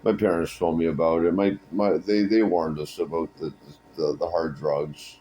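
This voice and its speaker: A man's voice: sits low, flat delivery, normal speed, mellow, a little hiss or hum. A man in a comic improvised monologue, rambling and stammering with repeated words.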